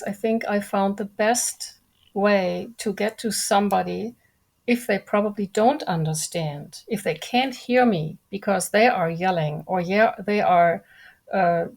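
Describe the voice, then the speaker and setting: Calm, measured woman with slight gravel. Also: mid-range voice. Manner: calm, measured, deliberate speech. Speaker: guest. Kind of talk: conversational interview.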